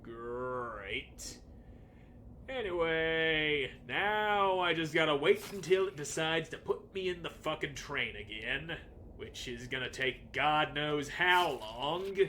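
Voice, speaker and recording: A man's voice: fairly high pitch, expressive, takes it slowly, sharp tone, a little hiss or hum. A man casually commenting on a video game he plays, sarcastic and swearing often. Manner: sarcastic, swears, reads dialogue aloud. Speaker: let's play host.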